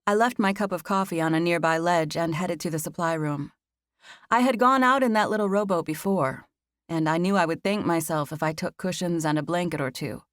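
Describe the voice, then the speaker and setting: A woman narrating a first-person audiobook on a close studio mic, expressive and lively, and rising high for the heroine's nervous dialogue. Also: a little fast, no room sound.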